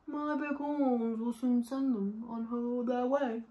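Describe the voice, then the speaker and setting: A woman's voice: on the high side, steady tone, slow, roomy sound, dull audio. A confident cow with big horns, sure she knows how it's done, as a woman reading aloud voices her. She speaks in a self-assured, matter-of-fact way in a children's storybook.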